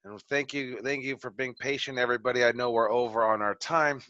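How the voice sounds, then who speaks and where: Male coach, bright tense tone, encouraging critique, dull lo-fi audio. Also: medium pitch, steady tone, fairly quick, no echo. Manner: upbeat, encouraging. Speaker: wrestling promo coach. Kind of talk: class critique.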